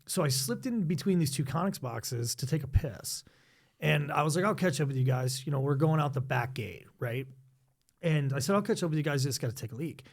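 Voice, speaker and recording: Man, podcast host, fairly high voice, profane, rambling, keeps asking "you know". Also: lively intonation, brisk, creaky. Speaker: podcast host, former serviceman. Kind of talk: casual storytelling chat.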